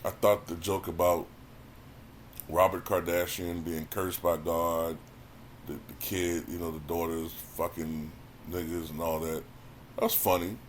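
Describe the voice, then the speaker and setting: A YouTube commentator casually reviews a stand-up special in a low, deep voice, chatting with viewers in a level tone at an unhurried pace. He often repeats words while gathering his thoughts and frequently says "you know what I'm saying", with a faint hiss under the recording.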